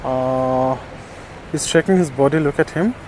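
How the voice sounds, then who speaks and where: A man narrating a casual vlog outdoors as he checks on stray dogs, talking to them softly and tenderly. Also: mid-range voice, a little slow, slight background noise. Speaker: vlogger caring for stray dogs. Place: outdoors, on a terrace.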